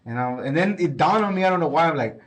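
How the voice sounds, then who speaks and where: A man's voice: on the high side, quick pace. Rambling man on a casual podcast. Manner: rambling, repeats himself, animated when quoting. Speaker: podcast co-host. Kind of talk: casual chat.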